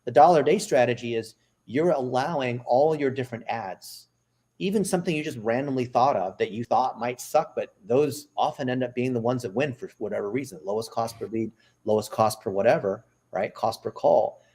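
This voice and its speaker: A man as a podcast guest, explaining an ad strategy in casual interview talk, with quick asides and frequent "right?" checks. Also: medium pitch, a little mellow, husky. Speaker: podcast guest, marketing executive.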